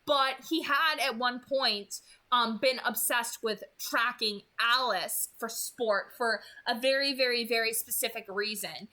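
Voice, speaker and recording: A woman in her twenties who hosts a read-aloud channel casually recaps and comments on a chapter she just read. Her voice sits on the high side, measured in pace and sharp in tone, and she gushes, filling her talk with "like" and "you know."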